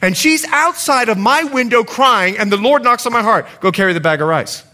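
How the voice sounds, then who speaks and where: Lively-voiced preacher man telling stories. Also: extremely high pitch, normal speed. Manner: storytelling with lively acted quotes. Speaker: pastor. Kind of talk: sermon.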